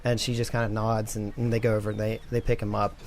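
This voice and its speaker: A man's voice: lowish voice, little pitch movement, fast, a little hiss or hum. A young man narrating a tabletop game as game master, casual and rambling with many fillers.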